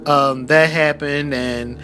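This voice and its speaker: A man from the American South co-hosting a podcast, joking around with many fillers and quick laughs. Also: fairly high pitch, steady tone, over music. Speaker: podcast co-host. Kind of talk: casual chat.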